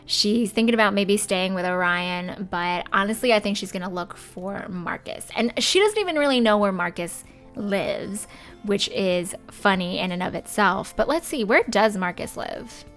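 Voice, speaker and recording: A young woman hosting a let's play, chatting casually as she plays and voicing her game characters in quick asides. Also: medium pitch, lively intonation, fairly bright tone, soft background music. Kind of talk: casual gameplay commentary.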